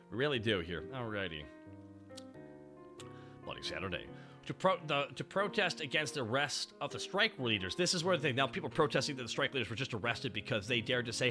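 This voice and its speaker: A young man with a medium-pitched voice streams while driving, reading history aloud and breaking in with animated, profane, sarcastic asides.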